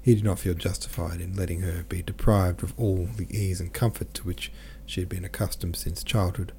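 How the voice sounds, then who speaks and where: A man reading a classic novel aloud as an audiobook narrator, in a measured, even storytelling manner. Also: sits low, vocal fry, a little hiss or hum. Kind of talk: scripted literary narration.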